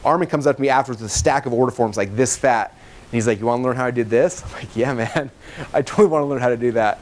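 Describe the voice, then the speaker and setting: A man speaking at a training session, telling stories casually and animatedly, with lots of "like" and quoting himself. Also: mid-range voice. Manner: fast and animated, full of "like" and self-quoting. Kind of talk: casual storytelling talk to a live audience.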